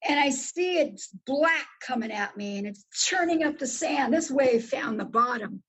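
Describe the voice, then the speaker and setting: Animated, husky woman telling a story. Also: unhurried, muffled recording. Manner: animated, profane, swoops high when excited. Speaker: guest. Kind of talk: casual storytelling.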